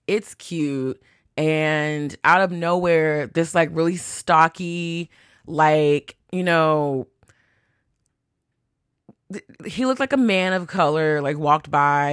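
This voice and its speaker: A woman's voice: low voice, clear, resonant tone, no room sound, studio quality. A woman hosting a podcast, telling a story in a chatty, profane way, full of fillers and acted-out quotes. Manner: chatty, profane, heavy use of "like", acts out quotes. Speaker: podcast host. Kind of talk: casual storytelling. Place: New York City.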